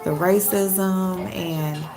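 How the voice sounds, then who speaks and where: Woman host chatting live to her viewers, blunt and talkative, with some gravel in her voice. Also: fairly low pitch, fairly even intonation, drawn-out words, music in the background, poor audio. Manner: talks straight to the chat, blunt and chatty. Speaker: livestream host. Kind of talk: casual live-stream chat with viewers.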